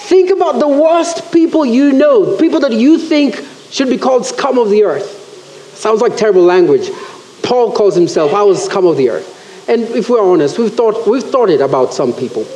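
A man preaching a sermon in church, animated and acting out the voices he quotes. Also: extremely high pitch, moderate pace, a little hiss or hum. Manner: animated, acts out quoted voices, self-correcting. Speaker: pastor. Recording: roomy church echo.

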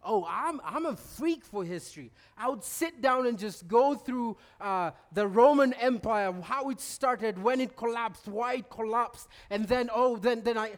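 A man giving a sermon, telling stories with lively restarts and laughter. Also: extremely high pitch, a little slow, hardly any pauses. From Kenya. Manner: animated storytelling, stammered restarts, bursts of laughter. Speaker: preacher.

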